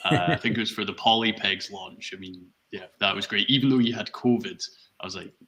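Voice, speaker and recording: A man's voice: lowish voice, fairly even intonation, a little fast, sharp tone. A man with a Scottish accent, a team member chatting casually on a livestream and telling easygoing stories over a remote call.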